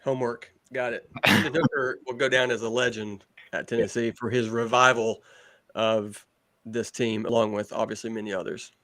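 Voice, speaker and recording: A man's voice: medium pitch, level tone, moderate pace, a bit bright, no echo. A man on a sports panel, talking in a laid-back, easygoing way. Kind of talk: casual panel banter.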